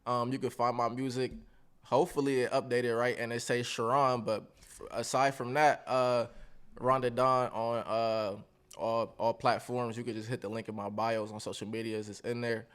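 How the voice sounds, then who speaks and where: A man's voice: mid-range voice, little pitch movement, normal speed, a bit bright, clear, resonant tone. A young man from Columbus, Ohio, a musician guest chatting in a laid-back, joking way. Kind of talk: casual chat.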